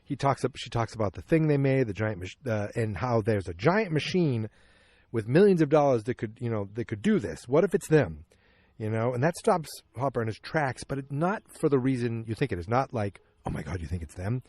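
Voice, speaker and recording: A man hosting a podcast, recapping an episode in casual chat from his backyard, acting out the characters' lines in quick changing voices. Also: mid-range voice, lively intonation, a little mellow, no room sound. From Massachusetts. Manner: chatty, acts out character lines with quick voice shifts. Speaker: podcast host. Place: outdoors in a backyard.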